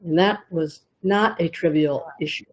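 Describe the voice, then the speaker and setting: Woman, 60s, low-pitched; reflective storyteller in a conversational interview. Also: normal speed. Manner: reflective storytelling, laughs easily. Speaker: retired astronaut, interviewer.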